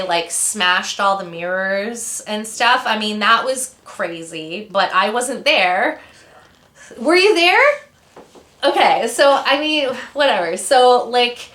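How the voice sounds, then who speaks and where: A woman's voice: medium pitch, a little slow, a bit bright, reverberant. A woman in her thirties from Canada, chatting as an interview guest, rambling through stories with many fillers and tangents. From Ontario, Canada. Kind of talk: casual interview storytelling.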